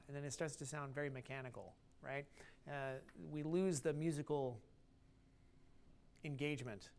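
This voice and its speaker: A man's voice: fairly high pitch, fairly even intonation, moderate pace, pauses often, a little mellow. Man coaching brass players, scatting rhythms. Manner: sings rhythms aloud on syllables to demonstrate phrasing. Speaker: trombone teacher leading a master class. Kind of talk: master class coaching. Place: concert hall stage.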